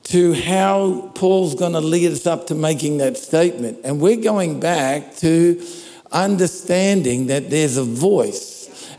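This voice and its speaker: A male pastor delivering a sermon in an unhurried, talky manner, his voice fairly high for a man but soft and mellow. The microphone picks up the long reverb of a big church hall around him. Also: gravelly. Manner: conversational, checks in with "all right?". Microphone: handheld or stand microphone.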